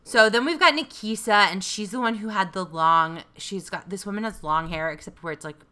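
A woman co-hosting a casual podcast who recaps a TV show with swearing and quick impressions of the people in it. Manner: animated storyteller, swears freely, mimics people in a low voice. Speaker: podcast co-host. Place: New York City.

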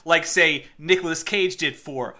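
A man co-hosting a podcast in casual chat, animated and joking, laughing often. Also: on the high side, a little slow. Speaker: podcast co-host.

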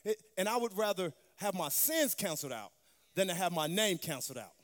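A woman's voice: on the low side, sing-song, fairly quick. Brief: woman preacher, sermon delivery, emphatic call-and-response, reverberant hall.

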